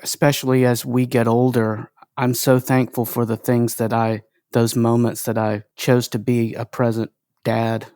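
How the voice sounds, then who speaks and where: A man's voice: medium pitch, little pitch movement, measured pace, a little mellow, no room sound, clean studio sound. A man in his forties hosting an interview podcast, reflecting casually with affirming interjections. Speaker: podcast host.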